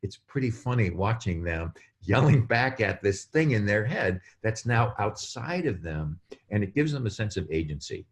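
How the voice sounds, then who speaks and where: A man speaking as a guest on a podcast, explaining in an animated way and acting out quotes. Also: lowish voice, moderate pace. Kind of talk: casual podcast chat.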